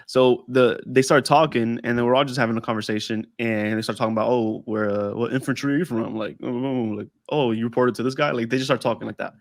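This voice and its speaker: Podcast co-host, male, mid-pitched, dry close sound, chatty storyteller who voices the people in his story. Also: steady tone, quick pace, creaky, few pauses, no room sound. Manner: rambling storyteller who acts out quoted dialogue. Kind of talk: casual chat. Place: lives in Texas.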